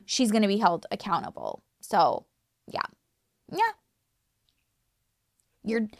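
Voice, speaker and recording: A woman's voice: medium pitch, no echo, studio quality. A woman in her thirties talking casually to camera as a video creator, chatty and emphatic, with lots of fillers and restarts. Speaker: YouTube true crime creator.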